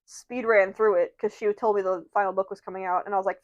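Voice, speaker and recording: A woman in her twenties co-hosting a casual podcast chat, quick and laughing often, with casual swearing. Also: mid-range voice, steady tone, no echo, dull audio. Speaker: podcast co-host.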